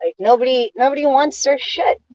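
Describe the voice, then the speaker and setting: A woman vlogging a casual monologue, airing grievances in an indignant rant that stops and restarts in halting pauses. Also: high voice, a little mellow, no room sound, lo-fi sound.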